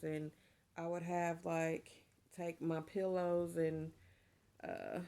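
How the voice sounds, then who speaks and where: A middle-aged woman talks casually to her viewers, chatty and openly emotional. Her voice sits on the low side with a gravelly, creaky edge. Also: mellow. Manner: chatty and emotional, saying y'all. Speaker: vlogger. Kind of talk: casual chat to camera.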